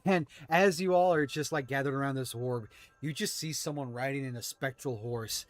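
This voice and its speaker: A man running a tabletop game as game master, narrating the scene in an animated way. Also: mid-range voice, normal speed, dry recording. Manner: animated, shouts out monster lines.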